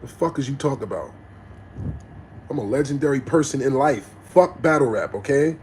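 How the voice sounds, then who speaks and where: A man's voice: medium pitch, expressive, moderate pace, darkish tone, slight background noise, poor audio. Blunt, aggressive middle-aged man. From New Jersey. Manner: passionate and aggressive, blunt and profane. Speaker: livestream host talking to viewers. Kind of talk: unscripted livestream rant.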